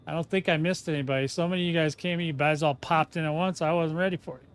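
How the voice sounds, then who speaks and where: A man's voice: on the high side, steady tone, fast talker, smooth. A man chatting casually on a game livestream, rambling and often breaking off mid-sentence. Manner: rambling, self-interrupting, chatty. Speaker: game streamer.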